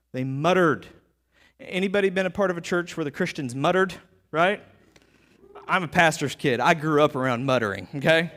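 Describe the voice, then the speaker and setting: Guy preaching in church, kinda high voice that jumps all over, chatty asides to the crowd. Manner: animated, conversational preaching with frequent asides to the crowd. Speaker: pastor. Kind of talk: sermon.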